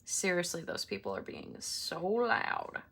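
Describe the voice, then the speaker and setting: Young woman planner vlogger, bright and lively, unhurried, chatty with ranting asides. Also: lowish voice, husky. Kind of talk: casual chat while crafting. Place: apartment.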